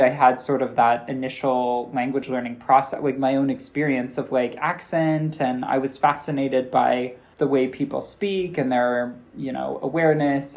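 A man's voice: mid-range voice, gravelly. A man with an American accent, a professor answering interview questions in a loose, chatty way, full of "like" fillers and acted-out dialogue. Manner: chatty storyteller, acts out quoted dialogue, many "like" fillers. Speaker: interview guest, linguistics professor.

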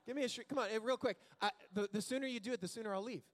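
A man preaching a sermon as pastor, telling a Bible story in an animated, joking way and acting out the quotes. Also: extremely high pitch, very fast. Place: church sanctuary.

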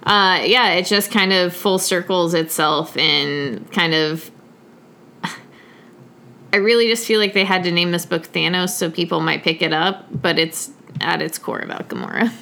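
Gravelly-voiced enthusiastic woman podcaster. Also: on the low side, measured pace, bright, forceful tone. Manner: enthusiastic, swears casually. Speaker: comics podcast co-host. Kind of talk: casual chat.

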